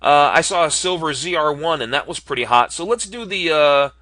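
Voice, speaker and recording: A man's slightly high, lively voice comes a little fast, bright and forceful, in a dry recording. He's casually narrating his screen as he configures a car online, thinking out loud and saying um and uh often.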